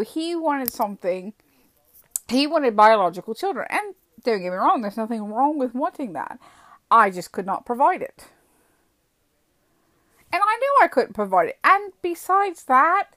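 A British woman telling a personal story in a chatty, animated vlog, acting out the dialogue as she goes. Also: high voice, no room sound.

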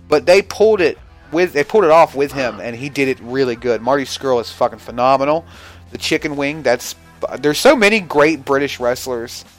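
A man's voice: medium pitch, expressive, moderate pace. Man, podcast co-host, casual chat, rambling, profane, joking, faint music behind.

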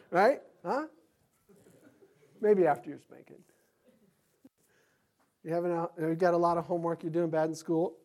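A middle-aged man preaching a sermon, lively and animated, acting out quotes and chuckling as he goes. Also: fairly high pitch, unhurried, pauses often. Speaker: pastor.

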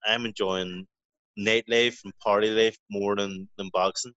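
In this casual storytelling interview, a professional boxer speaks at a measured pace in a fairly low, steady voice with a fairly bright tone. His stories ramble, full of swearing and restarts. The audio is dry, dull and lo-fi, with no echo.

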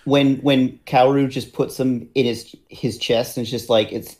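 A man with an average-pitched voice joins a casual podcast chat. He speaks earnestly and sometimes slows down to stretch his phrases out. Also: steady tone, a little mellow. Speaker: podcast co-host.

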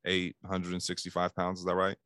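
A man's voice: low voice, completely flat delivery, brisk, bright, forceful tone, clean tone, no echo, studio quality. A man giving casual sales coaching, talking animatedly and acting out phone calls in bursts. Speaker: sales trainer.

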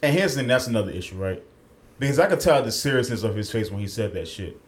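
A man's voice: on the low side, animated, fast talker. A man co-hosting a podcast, telling a story in casual chat, acting out the quotes and swearing freely, at a studio mic. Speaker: podcast co-host.

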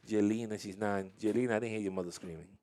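A man's voice: fairly low pitch, fairly even intonation, fast talker, warm tone. A man hosting a casual interview with young dancers, talking in a chatty, storytelling way with frequent laughs and restarts.

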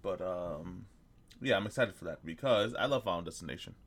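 A man's voice: low voice, animated, a little fast. A man co-hosting a podcast, chatting casually and teasing his co-host. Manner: laughing, teasing banter. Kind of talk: casual chat.

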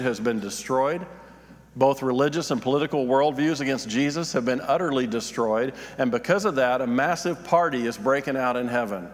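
A man's voice: mid-range voice, big-room sound. A man, a pastor, preaching a sermon, reading scripture aloud and then explaining it in plain talk, rising in emphasis on his points.

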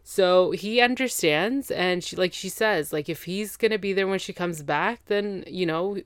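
Female podcast host, lowish voice, dry close sound, chatty and opinionated recapper. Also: a little slow, no room sound. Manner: opinionated, exasperated, gossipy, acts out quotes.

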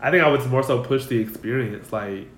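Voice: medium pitch, a little fast. A co-host in casual podcast chat, blunt and profane with a wry edge. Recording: roomy echo with faint ambience.

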